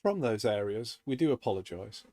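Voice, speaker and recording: A man's voice: lowish voice, lively intonation, normal speed, warm tone, no room sound, clean studio sound. A man co-hosting a livestream, chuckling and prompting banter.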